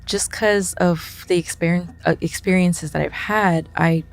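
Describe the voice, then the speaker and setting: A woman telling a ghost story in a casual, animated way, acting out the quotes and swearing as she goes. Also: lowish voice, a little slow, vocal fry. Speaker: guest.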